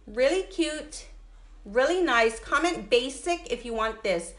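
Upbeat livestream seller, woman, high bright voice, echoey room, greets viewers by name. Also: expressive, unhurried. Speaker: jewelry seller hosting a livestream. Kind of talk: casual live sales chat.

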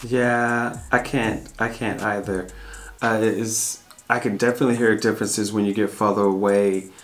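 A low-pitched American man from Arkansas answers viewer questions in a relaxed family chat. He stumbles and repeats words as he goes, restarting sentences mid-thought. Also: moderate pace. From Arkansas, USA. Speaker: family vlog co-host. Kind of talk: casual Q&A chat.

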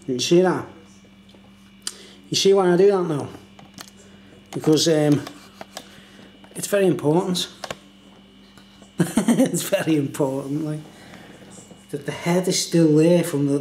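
A man's voice: fairly high pitch, darkish tone, a little hiss or hum. Tipsy, rambling man in an echoey room. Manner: chatty, meandering, fond of filler phrases. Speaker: beer reviewer. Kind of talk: casual rambling monologue.

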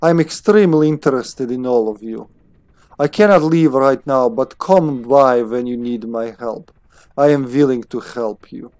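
A man's voice: medium pitch, sing-song, slow, gravelly, few pauses, dark tone, no echo, full character voice. A man putting on a curt lady scientist. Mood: scheming. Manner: stiff, clipped, mock foreign accent. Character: brusque female scientist, busy and curt. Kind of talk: reading game dialogue in voices.

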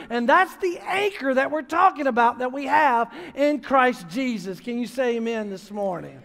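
High-voiced preacher in a reverberant church. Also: male voice, expressive, moderate pace, vocal fry, few pauses. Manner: storytelling preacher, builds to emphatic near-shouting. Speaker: pastor. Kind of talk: sermon. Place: church sanctuary. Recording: long reverb of a large church hall.

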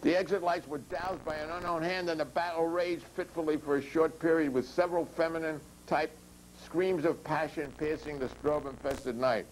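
A man reading a chapter of his own comic novel aloud in a dry, steady, deadpan way. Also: fairly high pitch, moderate pace, slight background noise, poor audio.

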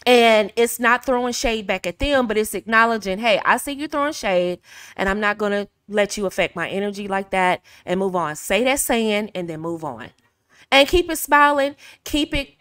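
A woman's voice: on the high side, fairly bright tone, no echo, studio quality. A woman from the American South with a Southern accent, giving casual advice in a chatty way, laughing often and acting out phrases. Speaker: video host.

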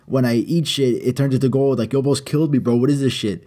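A man's voice: medium pitch, fairly even intonation, fast talker, dark tone, lightly acted. A man voicing a greedy, whiny king who talks in street slang and swears a lot. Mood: exasperated.

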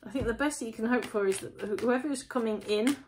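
A woman's voice: on the high side, fast talker, slight background noise. A woman chatting through a casual tarot reading, asking lots of rhetorical questions. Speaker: tarot reader.

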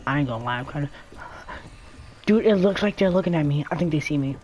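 Excitable stammering woman gamer. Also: low-pitched, fast talker, soft background music. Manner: stammering, excitable, shouty outbursts. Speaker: gamer streaming with a friend. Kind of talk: casual gaming chat. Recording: faint background noise.

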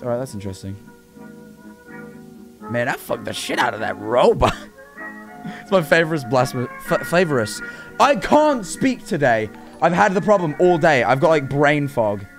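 A man's voice: a little high, sing-song, normal speed, pauses often, music in the background. A man livestreaming his reaction to a horror series, rambling and swearing as he talks to his chat, his voice worn out. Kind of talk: casual livestream commentary.

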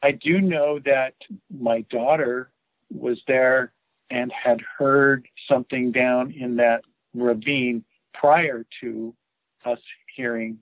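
Man guest, mid pitch, calm, over a tinny line. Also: slow, dry recording. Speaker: interview guest. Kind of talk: casual interview chat.

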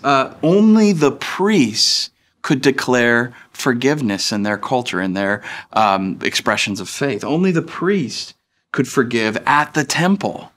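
A man in his thirties preaching a sermon as a pastor in a church, speaking in a relaxed, conversational way with frequent fillers like "uh" and "like.". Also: medium pitch. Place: church stage.

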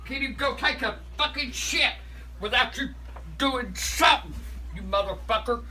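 A woman's voice: a little high, moderate pace, sharp tone, far from the mic, slight background noise. An older woman, a grandmother at home, scolding and swearing nonstop in a cursing rant. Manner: foul-mouthed, scolding, swearing constantly. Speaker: grandmother being pranked. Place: at home indoors.

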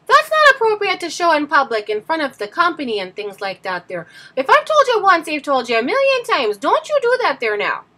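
A woman's voice: sits high, wildly swooping pitch, a little fast, few pauses, pitched above the performer's own voice, heavily acted. A woman voicing a nagging mother who scolds her son. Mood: scolding. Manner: scolding, loud.

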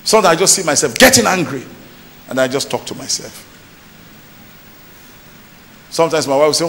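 A man's voice: on the high side, animated, fairly quick, pauses often, fairly bright tone. A male pastor preaching a sermon in church, emphatic and often asking the congregation whether they are listening. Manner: emphatic preaching with call-and-response questions. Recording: reverberant church hall with faint noise.

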